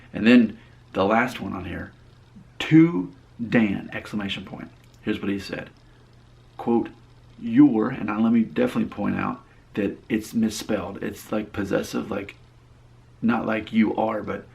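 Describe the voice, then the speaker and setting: Gravelly low-voiced man vlogging. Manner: reads viewer comments aloud with dry rebuttals; talkative, repeats and restarts phrases. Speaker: YouTube creator. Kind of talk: casual vlog commentary.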